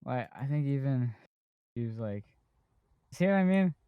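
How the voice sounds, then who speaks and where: Man, podcast host, rambling casual chat, smooth voice, slightly dull lo-fi sound. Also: medium pitch, lively intonation, unhurried, no room sound. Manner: rambling, full of fillers and restarts.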